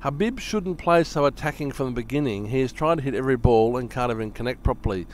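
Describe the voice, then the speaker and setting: A man's voice: medium pitch, fast, a little hiss or hum. A man giving casual live cricket commentary, chatty and joking and often laughing.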